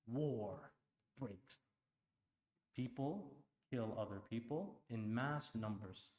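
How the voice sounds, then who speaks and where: A man delivers a sermon at an Islamic center, his voice mid-pitched and carrying through a reverberant hall. He swings from a near hush to loud, urgent appeals and keeps pressing the listeners with pointed questions. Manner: impassioned, swings between hushed and loud; asks the audience pointed rhetorical questions. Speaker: preacher. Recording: echoey hall.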